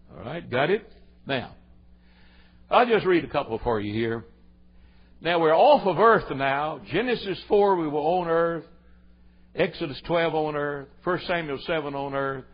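A man preaching a folksy, emphatic sermon, jumping from loud exclamations to low asides. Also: husky. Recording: dull lo-fi sermon recording.

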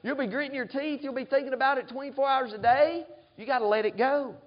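A man's voice: extremely high pitch, quick pace, dull audio. A man preaching a sermon as pastor, often asking the congregation "amen?". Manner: preaching, frequent call-and-response "amen?".

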